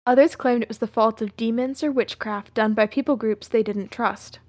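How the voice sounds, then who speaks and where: A woman co-hosting a podcast, playful and quick to laugh, reading a narrated script aloud. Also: fairly high pitch, steady tone, a little mellow, dry recording, studio quality. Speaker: podcast co-host and reader.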